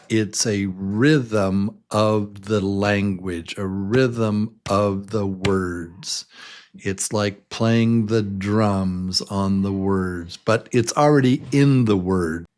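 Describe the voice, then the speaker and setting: Very slow-speaking male English teacher. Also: on the low side, darkish tone. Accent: American. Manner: slow and deliberate, repeating words beat by beat. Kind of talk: slow, patient beginner lesson.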